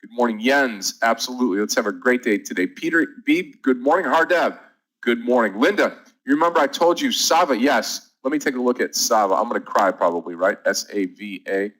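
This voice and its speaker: A man's voice: medium pitch, lively intonation, fairly quick, a bit bright, low-quality recording. A man hosting a live day-trading room, running through market numbers and greeting viewers by name in an upbeat, chatty way.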